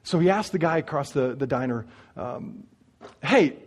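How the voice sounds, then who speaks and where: Husky-voiced man preaching a sermon. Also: medium pitch, normal speed. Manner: animated storyteller speaking straight to the congregation. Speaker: pastor. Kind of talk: sermon storytelling.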